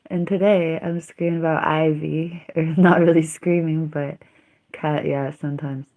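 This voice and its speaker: A woman's voice: low-pitched, little pitch movement, measured pace, mellow. A young woman chatting casually on her livestream, rambling, giggling and trailing off.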